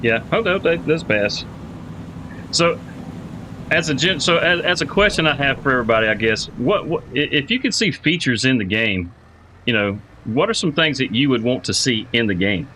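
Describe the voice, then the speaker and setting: A man's voice: mid-range voice, expressive, moderate pace, background noise. A man streaming a farming game live, chatting casually with viewers, greeting them by name and thinking aloud with lots of repeated words. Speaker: livestreamer playing a farming game.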